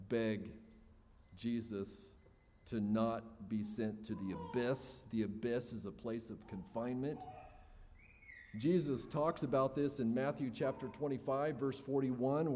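A man's voice: mid-range voice, dark tone, big-room sound, slight background noise. A man preaching a sermon in an earnest, expository way, building emphasis as he makes his points.

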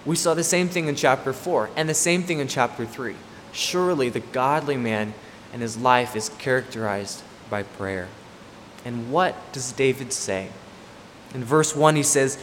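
A male preacher delivers an expository sermon at medium pitch and a normal speed, emphatic and repeating his key points. A long hall reverb carries his voice over a faint room hiss.

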